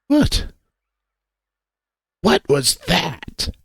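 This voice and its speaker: A man voicing a frightened young male lynx who talks in a loud whisper. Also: a little high, huge pitch swings, very slow, vocal fry, slightly rough, dry recording, clean studio sound, pitched above the performer's own voice, full character voice. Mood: bewildered.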